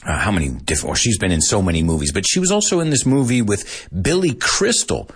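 A man's voice: lowish voice, fairly quick, husky. A man, chatting as he teaches English through a film scene and slips into Spanish to explain words. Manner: switches between English and Spanish, animated and chatty.

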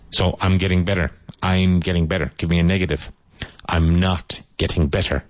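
A man with a Cork Irish accent teaching English phrases to Spanish speakers, repeating each model sentence slowly and deliberately. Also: low-pitched, steady tone, dry recording. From Ireland (Cork).

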